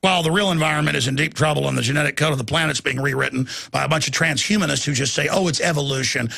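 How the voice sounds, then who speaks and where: Male news host with a very gravelly, husky voice, ranting and indignant. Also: on the high side, fairly even intonation, very fast, bright, forceful tone, dry recording. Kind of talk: opinionated news commentary.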